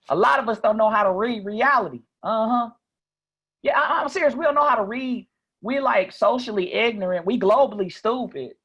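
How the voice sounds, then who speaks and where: Night Cow, squeaky Mississippi guy. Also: breathy edge, exaggerated voice. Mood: mocking. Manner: chatty, excited, exaggerated. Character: excitable high-voiced Southern young man.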